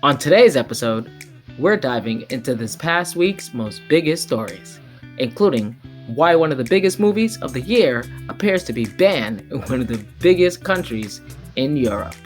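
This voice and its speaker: A woman's voice: very deep voice, animated, normal speed, faint music behind. A woman reading a scripted intro voice-over for a show, with a showy announcer delivery.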